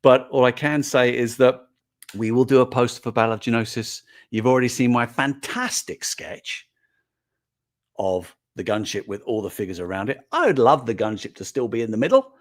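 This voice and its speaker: A man's voice: medium pitch, animated, moderate pace. An older man, talking casually and earnestly to viewers on a live stream as a toy brand manager, with frequent fillers and restarts.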